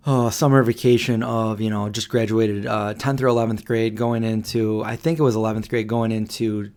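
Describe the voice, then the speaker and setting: A man's voice: on the low side, level tone, moderate pace, a little mellow, clear, resonant tone. A man in his forties hosting a live Q&A stream, telling a story in a rambling way with many fillers and restarts. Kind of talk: casual storytelling.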